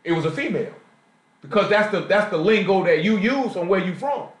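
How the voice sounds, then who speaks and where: A man's voice: sits high, animated, fairly quick. A man preaching a slangy street-talk sermon in a Southern US accent, often asking the congregation questions. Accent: Southern US, Jacksonville Florida. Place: church assembly room. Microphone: live stream recording. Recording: echoey room, live stream.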